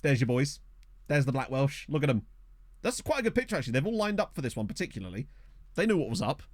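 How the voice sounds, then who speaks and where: A man's voice: mid-range voice, very animated, fast, no room sound. A young man streaming a football management game, chatting and joking as he reacts to the play on a studio microphone. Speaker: gaming streamer. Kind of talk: live football game commentary. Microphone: studio USB microphone.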